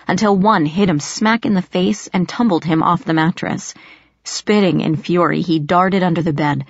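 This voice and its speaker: A woman reading a fantasy audiobook aloud in first person, expressive storytelling narration. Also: lowish voice, no room sound, muffled recording.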